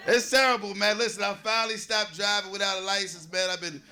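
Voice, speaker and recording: A man's voice: high voice, fairly even intonation, quick pace, sharp tone. A man in his forties from New Jersey doing a loose, conversational stand-up set, riffing with the audience on a comedy stage. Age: 40s.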